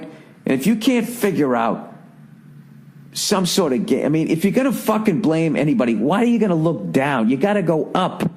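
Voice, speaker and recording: An American podcast host, a man with a somewhat high and slightly mellow voice, delivers a casual monologue. It's a profane, sarcastic comedic rant full of exasperation.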